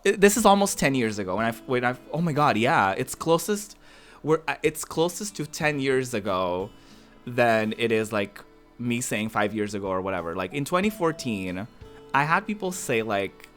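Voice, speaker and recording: A man's voice: medium pitch, sing-song, normal speed, soft background music. A man from the American South chatting casually on a game stream, rambling, restarting his sentences and answering his chat as he plays. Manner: talks back to viewer chat as he plays.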